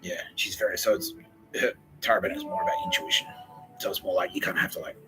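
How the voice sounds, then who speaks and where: Low-voiced rambling man, music behind. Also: huge pitch swings, fast, low-quality recording. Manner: rambling, meandering, heavy on fillers. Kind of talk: casual podcast chat.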